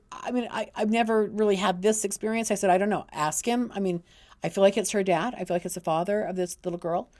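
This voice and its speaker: A woman's voice: medium pitch, a little mellow. A middle-aged woman, an intuitive counselor, telling a personal story in a casual, earnest way, often restarting and repeating words.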